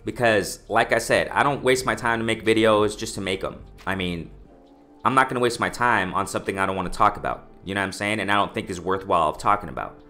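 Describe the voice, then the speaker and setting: A man giving a casual boxing commentary vlog, excited and repetitive, often calling out to "ladies and gentlemen" and restarting his sentences. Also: on the low side, fast talker, faint music behind.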